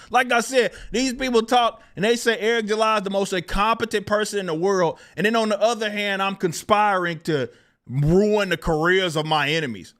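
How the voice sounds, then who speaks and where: A man's voice: sits high, normal speed, a bit bright. Exasperated, profane man ranting on his channel. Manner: profane, exasperated, frequent laughter. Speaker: channel host. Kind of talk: casual ranting commentary.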